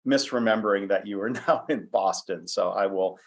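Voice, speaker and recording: This podcast host talks with his guest conversationally, sounding chatty and poking fun at himself with lots of filler words. His voice sits on the low side and moves at a normal speed.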